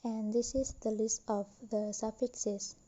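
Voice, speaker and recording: Slow, dark-toned young woman presenting. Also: on the high side, little pitch movement, muffled recording. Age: young adult. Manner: slow, careful, deliberate reading. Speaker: student presenter. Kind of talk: reading a class presentation.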